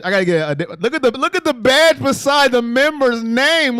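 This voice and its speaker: A man hosting a casual sports live stream and reading out fan comments, animated, swinging between low mutters and loud exclamations. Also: normal speed, dry recording, clean studio sound.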